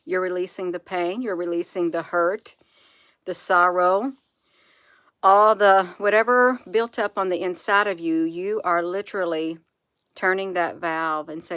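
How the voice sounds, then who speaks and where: A woman speaking softly and reassuringly to her viewers, repeating phrases slowly in an encouraging spiritual monologue. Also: fairly low pitch, fairly even intonation, smooth, dry recording. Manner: soft, repetitive, reassuring, with slow drawn-out phrases. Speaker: channel host.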